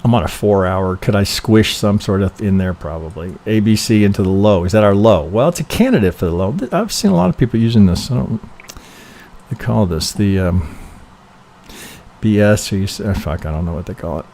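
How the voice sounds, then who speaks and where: A man's voice: lowish voice, animated, a little fast, dark tone, slight background noise. A man reviewing trading charts on a live stream, thinking aloud casually, swearing freely and checking in with "right?" after nearly every point.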